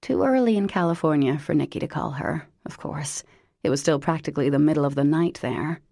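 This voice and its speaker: A woman reading an audiobook in a wry, deadpan narrating manner. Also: sits low, fairly quick, vocal fry, no room sound, clean studio sound.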